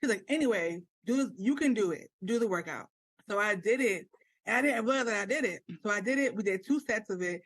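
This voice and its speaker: A woman's voice: medium pitch, brisk, husky, no room sound. A young woman co-hosting a casual podcast chat, telling stories with dramatic, acted-out quotes. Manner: animated storyteller, acts out quotes dramatically. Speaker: podcast co-host.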